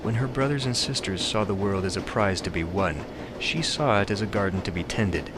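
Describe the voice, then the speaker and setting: A man voicing an ancient dragon disguised as a suave gentleman who speaks in lofty, philosophical terms. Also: fairly low pitch, background noise, lightly acted. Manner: slow, lofty, philosophical speech.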